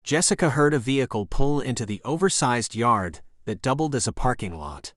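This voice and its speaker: A man narrating an action thriller audiobook in a steady, even reading voice. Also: medium pitch, normal speed, no echo, clean studio sound. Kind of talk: scripted narration.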